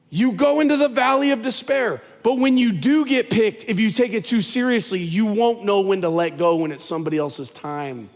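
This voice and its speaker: A man's voice: very high-pitched, big-room sound. A man preaching a sermon as pastor, talking conversationally and telling stories with animation.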